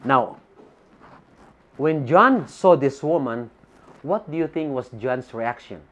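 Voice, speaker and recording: A man's voice: medium pitch, animated, slow, fairly bright tone, dull audio. A man with a Filipino accent preaching a sermon to a congregation in a church, reading Bible verses and putting rhetorical questions to his listeners.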